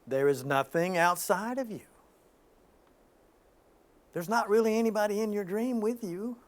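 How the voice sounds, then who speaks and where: Man giving an animated spiritual talk. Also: sits high, measured pace. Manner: animated storytelling, frequent restarts.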